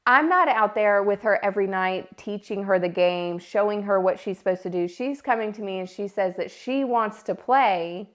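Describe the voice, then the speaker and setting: A woman in her thirties hosting a podcast, telling a personal story in a casual, animated way. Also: mid-range voice. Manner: animated, acts out her own yelling and quotes. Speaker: podcast host.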